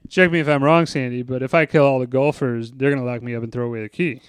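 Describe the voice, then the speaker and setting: A man voicing a sly, odd assistant groundskeeper who mutters in a low drawl. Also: fairly even intonation, quick pace, smooth, dry recording, natural voice. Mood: muttering.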